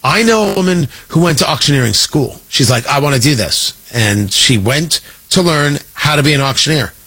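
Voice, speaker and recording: A man hosting a political commentary show, talking in a sarcastic, animated monologue that swings his pitch for emphasis. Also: normal speed, husky. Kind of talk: opinionated monologue.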